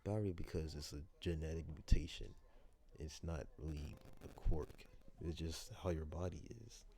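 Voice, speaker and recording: A blunt, laid-back young man speaking to a kid in a low, dark voice, as a man plays him. His lines are short and matter-of-fact. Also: fairly even intonation, moderate pace, slight background noise. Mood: calm. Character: gruff young man who takes in a kid.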